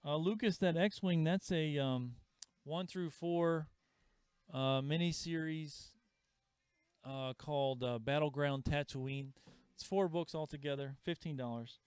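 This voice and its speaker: A man with a smooth, resonant voice pitched a little high hosts a casual live sales stream. He talks chattily, answers viewers' comments and announces prices, and the sound is close and dry. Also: unhurried, a little mellow, no room sound. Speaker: comic shop host selling live. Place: comic and games shop.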